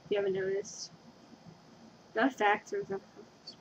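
This young woman's mid-range voice swings widely in pitch at a moderate pace as she rambles giggly and scatterbrained through a confession vlog from home. She frequently loses her train of thought. The dull lo-fi webcam recording has slight background noise.

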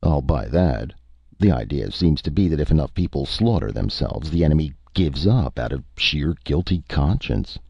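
A weary space captain, as a man voices him with dry, deadpan reasoning. His voice is very deep and gravelly, husky, recorded dry and dull. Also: normal speed, no room sound, exaggerated voice. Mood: thoughtful.

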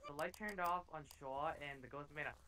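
A man's voice: fairly high pitch, a little fast, heavy background noise. A man playing a horror game with friends, wry and swearing, calling out readings. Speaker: co-player. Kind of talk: casual multiplayer gaming chat.

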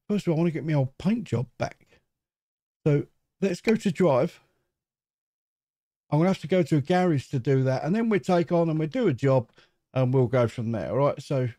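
Middle-aged man from England, chatty gameplay host, mellow voice, dry close sound. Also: fairly high pitch, no echo. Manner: chatty, rambling, self-mocking. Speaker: gaming channel host. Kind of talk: casual gameplay commentary.

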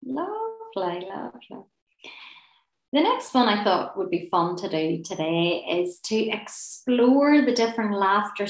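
A woman's voice: medium pitch, reverberant, low-quality recording. A woman leading a guided laughter and relaxation class, playful and encouraging, often giggling between instructions. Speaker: laughter and relaxation session leader.

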